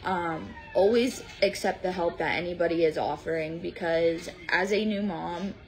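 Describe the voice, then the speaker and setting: A mother recording a video message with advice for new parents, hesitant and filling pauses with ums. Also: lowish voice, soft background music, poor audio. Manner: hesitant, many fillers.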